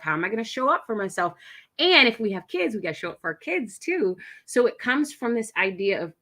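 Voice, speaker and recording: Woman coach hyping everyone up, super bright sharp voice, emphatic. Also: medium pitch. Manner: energetic, emphatic, animated. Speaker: guest coach. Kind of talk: motivational pep talk.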